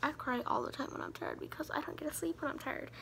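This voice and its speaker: High-pitched teen girl rambling advice to her camera, giddy and self-mocking, faint room hiss. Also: fast talker, vocal fry, a bit bright. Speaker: vlogger. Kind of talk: casual advice vlog.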